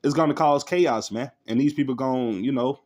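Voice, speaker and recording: Medium in pitch and darkish in tone, this religious online commentator speaks at a moderate pace as he reacts to a news clip. His commentary is casual and slangy, full of laughter, with scripture read aloud.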